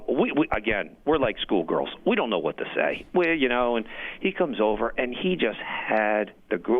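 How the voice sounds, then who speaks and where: A man's voice: fairly low pitch, creaky. A middle-aged man from New Jersey, calling in to tell a long story, rambling and emotional, repeating words. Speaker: caller. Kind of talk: phone call story. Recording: tinny phone line.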